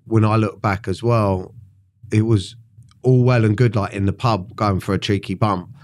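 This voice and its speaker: A low-voiced man hosting a casual podcast interview. He asks blunt, probing questions and swears freely. His talk is loose and conversational. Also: steady tone, normal speed, a little hiss or hum. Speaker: podcast host.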